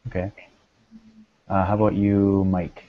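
A man's voice: low-pitched, little pitch movement, measured pace, very noisy. A man hosting a casual panel chat, calling on each guest in turn with a playful manner. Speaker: podcast host. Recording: dull lo-fi sound.

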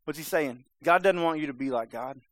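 A man's voice: fairly high pitch, a little fast, fairly bright tone, no room sound. Man preaching a casual, emphatic sermon. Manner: conversational, emphatic, acts out the serpent's lines.

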